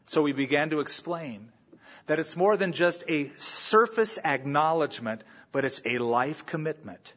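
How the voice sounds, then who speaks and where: A man's voice: on the high side, expressive, normal speed, fairly bright tone, muffled recording. A man preaching a sermon as pastor, telling stories and acting out the people he quotes. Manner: storytelling, acts out quoted voices. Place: church sanctuary.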